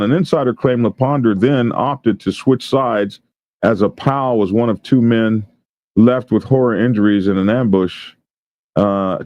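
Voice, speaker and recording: In a lowish, dark voice, a male show host gives casual news commentary, reading stories aloud and riffing on them with plenty of laughter. There's no echo, though the audio is dull.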